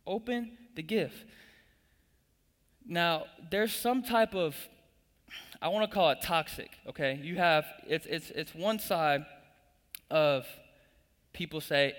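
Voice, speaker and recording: Young male preacher, slightly raised pitch, emphatic and repetitive, big church hall with long echo. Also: slow, pauses often, fairly bright tone. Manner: building emphatic repetition, calls congregation to respond. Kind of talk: sermon.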